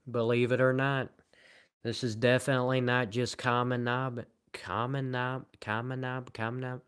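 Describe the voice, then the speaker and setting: A man with a Southern American accent, chatting casually on a livestream and answering comments in a rambling, deadpan, self-mocking way. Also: medium pitch, moderate pace, clear, resonant tone. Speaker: live streamer.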